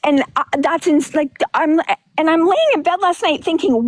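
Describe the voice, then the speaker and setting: Her voice is very high-pitched, and she speaks at a normal pace in a recording with no room sound. Hosting a livestream, she delivers a frank, emotional monologue that wanders, starts over, and leaves her slightly breathless.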